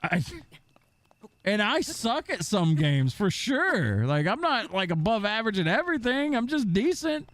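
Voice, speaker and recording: A young man streaming and chatting with viewers, telling stories in a profane, animated way and slipping into mocking impressions. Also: sits high, no room sound. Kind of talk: casual chat with stream viewers.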